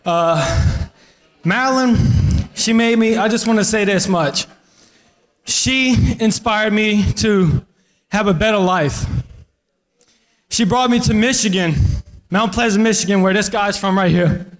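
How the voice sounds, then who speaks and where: Earnest man, high voice. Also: unhurried. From Louisiana. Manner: earnest, rambling, restarts often. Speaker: family friend sharing memories. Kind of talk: casual memorial speech.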